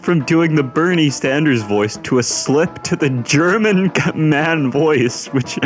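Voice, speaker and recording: A man doing voice-over commentary on stream clips, halting and stumbling over his words. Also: on the high side, expressive. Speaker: video commentator. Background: faint background music.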